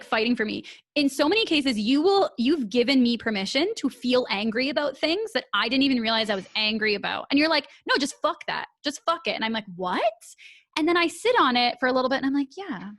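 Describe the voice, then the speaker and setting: A woman hosting a podcast in casual chat, animated and laughing often, swearing freely. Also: high-pitched, quick pace, no room sound, clean studio sound. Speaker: podcast host.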